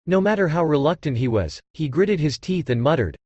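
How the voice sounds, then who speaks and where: Man narrating an audiobook, lively pitch. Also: fairly quick, husky, no echo, muffled recording. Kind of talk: scripted narration.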